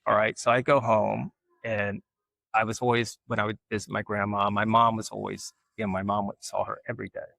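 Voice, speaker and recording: A man tells family stories in an interview and acts out the voices in them. His voice is low and gravelly, and the sound is dry and close. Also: fairly quick, dry recording. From Alabama, US. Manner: animated storyteller, acts out quoted voices. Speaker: guest, artist. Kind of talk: casual storytelling interview.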